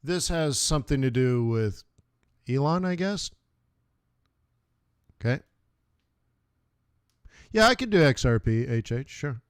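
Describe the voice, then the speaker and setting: A man's voice: fairly high pitch, smooth, no echo, clean studio sound. A man hosting a live trading stream, chatting casually and rambling through anecdotes. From United States. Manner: rambling storyteller, laughs at his own anecdotes. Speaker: forex trading stream host.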